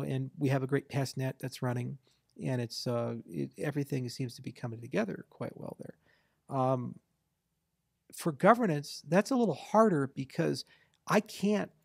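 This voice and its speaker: A man's voice: medium pitch, creaky, darkish tone, dry recording, studio quality. A man giving a confident, discursive interview answer in a casual tone, sometimes mimicking other people to make his point. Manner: fast, confident, discursive, mimics voters for effect. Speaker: interview guest, blockchain founder.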